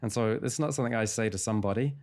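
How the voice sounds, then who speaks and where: Low-voiced man calmly telling a story. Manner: calm, measured retelling of client sessions. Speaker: hypnotherapist guest. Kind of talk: interview storytelling.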